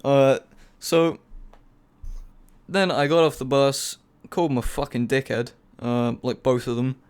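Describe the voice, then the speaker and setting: A teenage lad with an English accent tells a long story to his podcast mates, stopping often for fillers. His voice is smooth and clear, sitting in the middle for pitch. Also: steady tone, unhurried. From England. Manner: rambling with many fillers, swears a lot. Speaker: podcast co-host. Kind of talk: casual chat, storytelling.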